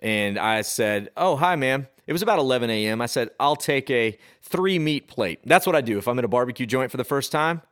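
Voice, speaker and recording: This Austin, Texas man co-hosts a podcast and spins a spooky true story casually, rambling and drawing things out with fillers and restarts. His medium-pitched voice is expressive with a fairly bright tone.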